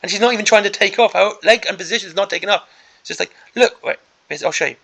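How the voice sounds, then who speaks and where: A man's voice: high-pitched, quick pace, creaky, a bit bright. A man hosting a miniatures hobby channel, giving an exasperated, sarcastic ranting commentary on a product preview.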